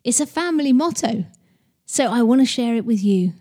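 A woman's voice: on the high side, lively intonation, normal speed, dark tone. A woman reading out the lines of a brash, fading male football star in her own plain voice, without putting on an accent. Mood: insistent.

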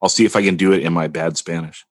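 A lower-voiced man co-hosts a casual podcast and teases the others with dry quips. His voice sounds dry and close, with very little room in it. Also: steady tone, fast talker, no echo.

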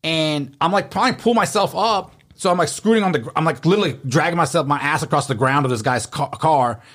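Animated man telling stories casually. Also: a little high, fairly quick. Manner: animated, swears freely, acts out quotes. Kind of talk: casual storytelling chat.

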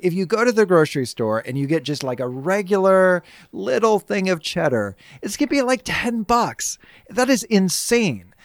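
A man co-hosting a podcast, talking casually in a wry, playfully grumbling way. His voice sits a little higher than most men's. It is recorded close and dry, with no echo. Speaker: podcast co-host. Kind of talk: casual chat.

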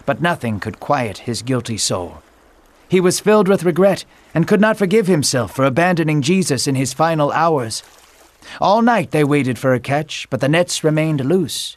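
A man narrating a scripted Bible story in a steady storytelling manner. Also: fairly high pitch.

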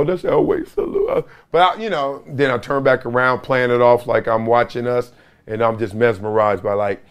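Animated man hosting sports talk. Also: mid-range voice. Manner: animated, loud outbursts, laughs often. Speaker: podcast host, former NFL player.

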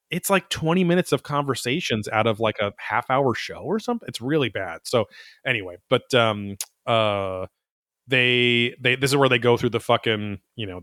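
A man's voice: medium pitch, a bit bright, no room sound, clean studio sound. A man hosting a podcast, recapping an episode in a rambling, profane, wry casual chat. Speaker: podcast host.

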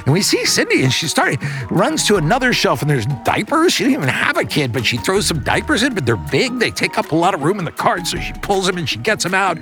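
A man's voice: high-pitched, very animated, fast, fairly bright tone, soft background music. A middle-aged man hosting a podcast, improvising a bedtime story in a loose, conversational way with fillers and restarts.

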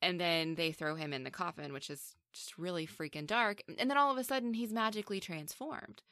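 Woman cohost, low voice, dry close mic, breaks down a film adaptation pretty casually. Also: brisk, pushed and bright, no room sound. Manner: analytical, acts out characters' lines in quotes. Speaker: film review podcast co-host. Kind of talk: casual critical discussion.

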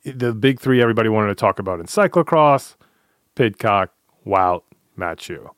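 Relaxed man hosting a podcast. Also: fairly low pitch, dry recording, studio quality. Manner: relaxed, halting, repeats words. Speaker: podcast host. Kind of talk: casual podcast chat.

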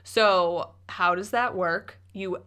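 A woman with a slightly low voice co-hosts a casual podcast. She talks in an easy, conversational way and fills her pauses with ums and likes. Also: pushed and bright, clean tone. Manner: conversational, with frequent fillers. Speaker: podcast co-host. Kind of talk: casual chat.

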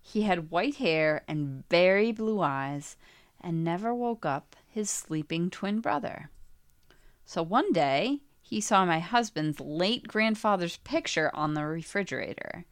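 A woman co-hosting a podcast, telling a story in a wry, animated way. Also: fairly low pitch, measured pace, no echo, clean studio sound. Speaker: podcast co-host. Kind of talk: casual podcast chat.

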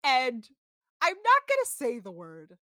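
A woman co-hosting a podcast, telling stories in a casual, animated way with lots of laughing. Her voice is bright and a little high, and her pitch swoops widely. The recording is close and dry. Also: measured pace, no echo. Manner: animated, laughing, swearing storyteller. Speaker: podcast co-host. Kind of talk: casual chat recapping a reality show. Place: apartment home.

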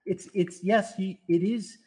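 A man in a casual film discussion, speaking haltingly and often trailing off mid-thought. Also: high voice, fairly even intonation, darkish tone, slightly rough.

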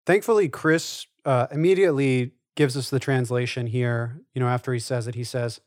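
A man's voice: mid-range voice, fairly even intonation, normal speed, hardly any pauses, no echo, studio quality. A man co-hosting a podcast, thinking aloud in rambling casual chat. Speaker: podcast co-host.

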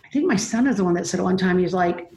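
A middle-aged mother appears as a guest on a Christian parenting talk, earnestly telling stories about faith and raising kids and acting out the voices she quotes. Her lowish voice moves rapid-fire with lively intonation and a mellow tone, in a recording with roomy echo.

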